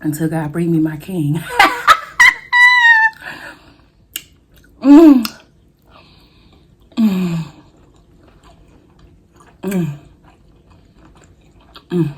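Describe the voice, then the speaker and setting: A woman's voice: fairly low pitch, animated, very slow, long pauses, noisy background. A woman hosting a mukbang food vlog, chatting casually to her viewers as she eats. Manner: chatty, addresses viewers as y'all, eats between words. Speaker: food vlogger.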